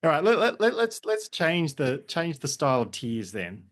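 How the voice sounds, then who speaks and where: A man's voice: on the high side, big pitch swings, normal speed. A man co-hosting a podcast, retelling film scenes in casual chat. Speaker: podcast co-host.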